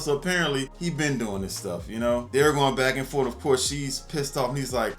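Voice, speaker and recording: A man's voice: medium pitch, normal speed, soft background music. A man recapping a movie in a casual, jokey way, telling the story with exaggerated reactions. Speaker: movie reviewer.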